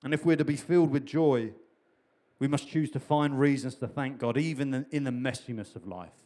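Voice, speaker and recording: A man's voice: medium pitch, brisk, dark tone. A man preaching a sermon in a chatty, humorous way, repeating key phrases for emphasis. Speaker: pastor.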